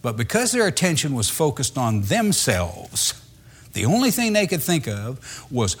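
A man preaching a sermon in a lively, conversational way, reading scripture and then explaining it with laughter and acted-out voices. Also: mid-range voice, measured pace, husky.

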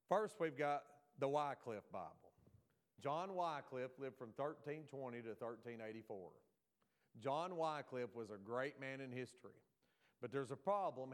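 A male preacher with a Southern American drawl, delivering a sermon in a folksy, joking way. He keeps turning to his congregation with quick asides. His voice sits at an ordinary middle pitch for a man.

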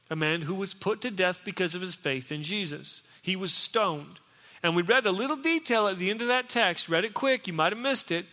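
A pastor giving a sermon, telling the story in a conversational way and acting out what people said. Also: male voice, high-pitched, bright, forceful tone. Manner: storytelling, conversational, acts out quotes. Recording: echoey hall.

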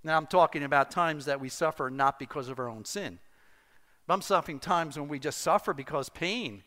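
A middle-aged male pastor preaching a sermon, telling a personal story with animated, self-deprecating humor. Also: a little high, fairly quick. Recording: long hall reverb.

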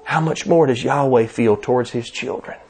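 A man's voice: medium pitch, moderate pace, a little mellow, breathy edge. Older man, Southern US accent, pastor giving a sermon, emphatic and repetitive cadence. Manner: emphatic, repetitive preaching cadence with rising stresses.

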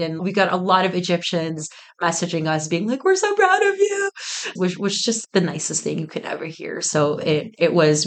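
A young woman in her twenties, a business co-founder, telling a story in an interview with animated delivery, frequent laughter and lots of "like" fillers. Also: fairly low pitch. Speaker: guest, tea business co-founder.

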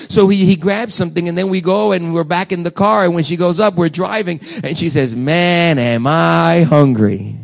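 A middle-aged man, a pastor, telling a personal story in a sermon, animated and swinging from hushed asides to near-shouting. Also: high voice, a little fast, creaky, few pauses.

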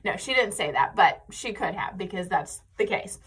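A woman in her thirties with an American accent hosts her show in a loose, chatty way and laughs easily as she tells stories. Her voice is bright and forward, and her pitch sits at an ordinary middle level for a woman. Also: moderate pace, breathy edge. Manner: chatty and animated, laughing often. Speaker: podcast host. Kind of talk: casual chat.

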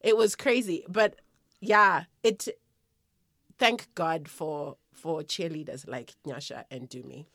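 A woman's voice: low-pitched, takes it slowly, fairly bright tone, dry recording. A woman co-hosting a podcast in casual chat, telling stories with frequent laughter. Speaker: podcast co-host.

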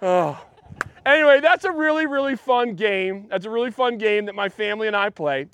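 A man's voice: sits high, animated, a little fast, fairly bright tone, clean tone, no room sound. A man preaching a casual sermon in a church, chatty and joking with the congregation. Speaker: pastor.

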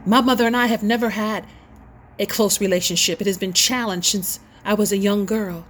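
A woman's voice: medium pitch, fairly even intonation, moderate pace. A middle-aged woman hosting her own show, preaching an impassioned, sermon-style testimony with rising and falling emphasis. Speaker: host and inspirational speaker.

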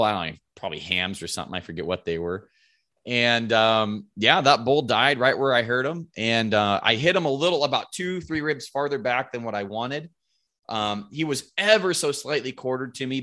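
A man guesting on a podcast, telling a hunting story in a casual, animated way, acting out what people said and swearing freely. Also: medium pitch, moderate pace. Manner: animated, acts out quoted lines, swears casually. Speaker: podcast guest, bow hunter.

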